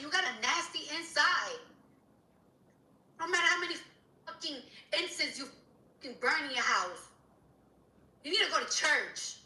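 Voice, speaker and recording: A woman's voice: high-pitched, sharp tone, roomy sound, recorded from a distance, low-quality recording. A woman rapper in an angry, profane rant on social media, repeating herself as she scolds someone.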